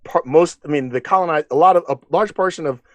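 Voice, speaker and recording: A man's voice: a little high, fast talker, dry recording. A man co-hosting a podcast, emphatic and lecturing as he argues a point in casual discussion. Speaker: podcast co-host.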